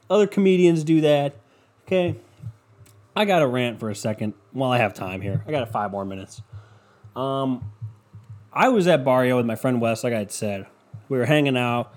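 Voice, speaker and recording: In his twenties and behind a podcast mic, this guy rants through a comedic tale, profane and sarcastic, acting out quotes with animated impressions. He speaks at a normal speed in a mid-range voice.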